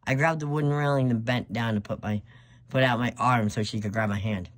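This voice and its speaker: Brief: man reading fanfiction in first person, halting delivery. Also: medium pitch, steady tone. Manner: hesitant, with fillers and restarts. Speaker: fanfiction reader.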